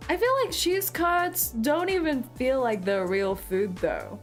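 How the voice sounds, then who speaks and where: High-voiced playful woman streamer. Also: unhurried, faint music behind. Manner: playful, theatrical, teasing. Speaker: VTuber streamer. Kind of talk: casual live-stream chat with viewers.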